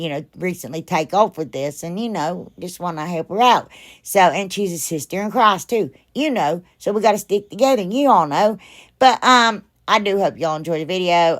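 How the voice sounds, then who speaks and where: A woman with a somewhat low-pitched voice hosts a casual crafting tutorial. She chats straight to her viewers in a loose, rambling way, with plenty of fillers and side comments between the steps. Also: a bit bright. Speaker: craft channel host.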